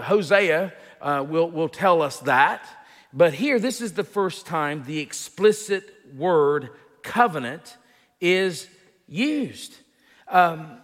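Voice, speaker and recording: Slow, lively-pitched preacher in a reverberant hall. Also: male voice. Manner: unhurried teaching with frequent fillers and restarts. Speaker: pastor. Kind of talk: expository sermon.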